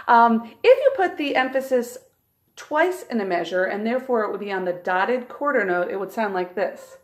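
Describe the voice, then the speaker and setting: Calm, clear woman teaching flute. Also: a little high, normal speed. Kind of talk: instructional tutorial.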